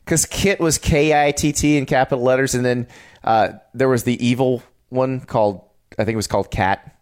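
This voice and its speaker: Food stories pour out of this forty-something podcast co-host as he chats casually about eating and travel. His voice is smooth, medium in pitch, and at a normal speed, and he tells his tales with animated enthusiasm.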